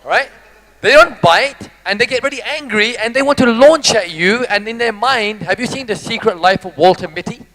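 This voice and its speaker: High-voiced, animated motivational speaker man. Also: normal speed, poor audio. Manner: animated, jokey, teases the audience. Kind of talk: live motivational talk.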